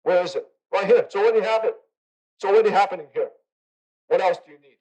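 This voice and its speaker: A man's voice: sits high, quick pace, a little mellow, highs cut off. A man teaching a meditation class in a conversational way, often checking in with his listeners and repeating phrases for emphasis. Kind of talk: dharma talk to a class.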